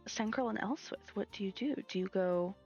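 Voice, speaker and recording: A woman's voice: medium pitch, normal speed, a little mellow, highs cut off, faint music behind. A woman running a tabletop game as game master, narrating with lots of fillers and frequent laughs. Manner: laughs often, many fillers. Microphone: streaming mic.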